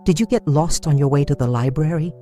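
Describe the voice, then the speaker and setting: A man voicing a harsh, mocking male drill sergeant who barks orders, with soft music behind. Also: fairly high pitch, fairly quick, close to an everyday voice. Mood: barking, mocking. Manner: barking, scornful.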